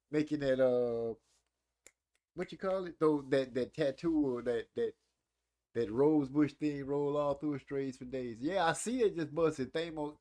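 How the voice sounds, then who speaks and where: A man's voice: fairly high pitch, a little mellow. A man in his forties hosting a casual live stream, chatting and teasing viewers about old movies. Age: 40s. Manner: playful, teasing, reads chat aloud.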